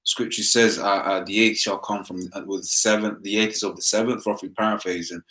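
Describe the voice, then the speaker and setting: A man's voice: on the low side, steady tone, fairly quick, bright, forceful tone. A man in casual discussion who talks hesitantly, with many fillers and restarts.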